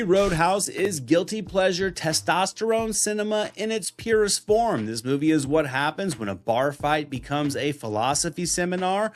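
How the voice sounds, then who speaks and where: A middle-aged man hosting and narrating in a relaxed, reflective, affectionate scripted style. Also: on the high side, slight background noise. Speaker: host.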